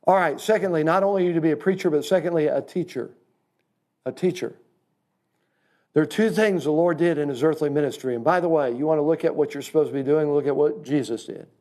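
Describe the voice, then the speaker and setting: A man's voice: fairly high pitch, fast, dark tone. A man teaching a church class in a sermon style, folksy and emphatic, calling his listeners friend.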